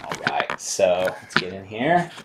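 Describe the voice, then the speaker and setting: A man's voice: low voice, very animated, unhurried, background noise. A man hosting a casual live stream while working on his bike, rambling and swearing casually as he reads chat aloud.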